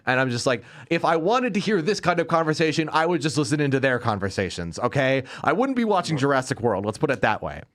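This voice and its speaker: Talking fast with hardly any pauses, a medium-pitched man hosts a casual movie review podcast, lively and animated, full of sarcastic rants and frequent laughter.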